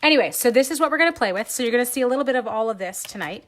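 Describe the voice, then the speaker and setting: A woman's voice: on the high side, animated, rapid-fire, fairly bright tone. A Canadian woman hosting a live craft stream from home, chatting and giggling at herself as she stamps and colors and greets viewers by name.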